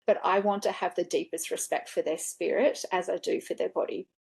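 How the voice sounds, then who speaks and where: In a casual interview, a woman who is a funeral director and celebrant tells earnest, animated stories, acting out each line she quotes. Her lowish voice is brisk, creaky, and slightly rough.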